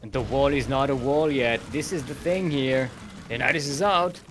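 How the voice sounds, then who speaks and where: A man's voice: medium pitch, moderate pace, fairly bright tone, slight background noise. Playful giggly male esports caster. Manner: playful and giggly, jokes between calls. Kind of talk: live esports play-by-play commentary.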